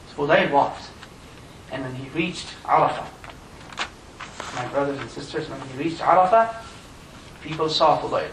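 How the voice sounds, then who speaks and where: A man giving an impassioned Friday sermon as imam, his voice surging high and loud on key points. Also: normal speed, pauses often. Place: mosque prayer hall. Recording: echoey room miked from a distance.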